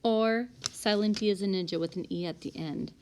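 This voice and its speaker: A woman teacher calmly and methodically working through a spelling list for small reading groups, correcting herself aloud now and then. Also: mid-range voice, normal speed, slight background noise. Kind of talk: recorded spelling lesson walkthrough. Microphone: tablet microphone.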